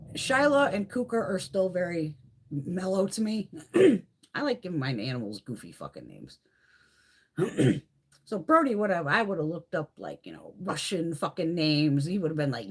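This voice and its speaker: A woman chats on her beauty live stream from home, telling stories bluntly and swearing freely. Her voice sits low and a bit husky, and it swings widely in pitch as she gets going. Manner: profane, blunt storytelling. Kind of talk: casual chat on a live stream.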